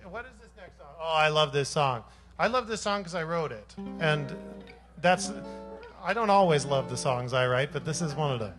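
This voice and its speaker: A man, a singer-songwriter, chatting between songs at a live show in a rambling, self-deprecating joking way, into a stage microphone. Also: sits high. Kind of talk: between-song stage banter. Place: live music venue.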